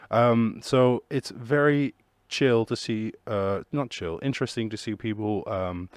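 A man's voice: on the low side, moderate pace, dry recording, studio quality. A man hosting a solo podcast, rambling through jokey, profane musings in casual chat. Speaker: podcast host.

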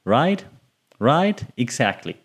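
A man's voice: medium pitch, very animated, takes it slowly. German man chatting on his podcast. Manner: chatty, self-mocking, laughs often. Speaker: podcast host. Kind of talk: solo podcast monologue.

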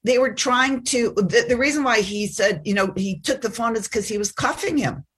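Breathy middle-aged woman telling a story. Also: on the high side, a bit bright. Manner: halting, with many restarts and fillers. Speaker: guest. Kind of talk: personal storytelling. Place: Chicago.

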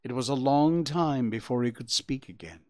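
A man reading a children's story aloud with expressive, gentle narration. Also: mid-range voice, normal speed.

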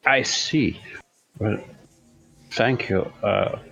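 A man's voice: fairly low pitch, extremely slow, vocal fry, fairly bright tone, soft background music, rough recording. A man playing in a tabletop game, asking questions and speaking politely formal in character. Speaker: player. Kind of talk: tabletop role-play.

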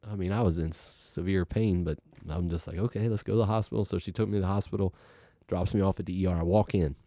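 Low mellow guy, middle-aged, chatty storyteller, does the voices of people in the story. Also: a little fast, dry recording, studio quality. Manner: animated, acts out quoted voices, laughs while telling. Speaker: guest telling a personal story. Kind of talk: casual storytelling.

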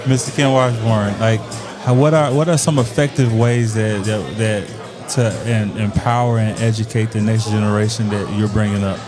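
A man's voice: fairly low pitch, fairly even intonation. A man hosting a panel discussion, asking questions and chiming in encouragingly. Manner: encouraging, quick affirmations. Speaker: panel host. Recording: music and crowd behind.

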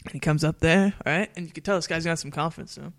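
Quick man agreeing in a dry room. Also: a little high, fairly bright tone, no room sound. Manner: agreeable, lots of short yeahs, storytelling. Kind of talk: casual chat.

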